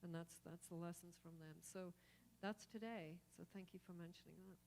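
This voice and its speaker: A woman's voice: fairly low pitch, fairly even intonation, a little fast, darkish tone, a little hiss or hum. A woman speaking at a live gathering, sharing spiritual reflections in an earnest, conversational way.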